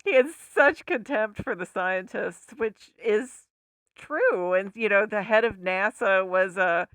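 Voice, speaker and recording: Woman, podcast co-host, casual movie chat, animated, bright voice, dry close mic. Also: mid-range voice, takes it slowly, clean tone, no echo. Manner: animated, laughs often, breaks into impressions.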